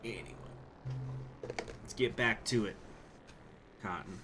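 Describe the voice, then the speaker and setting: A man's voice: on the low side, slow, a bit bright, faint music behind. A man hosting a strategy game playthrough, mumbling asides and reading the game's event text aloud in a casual way. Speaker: gaming channel host.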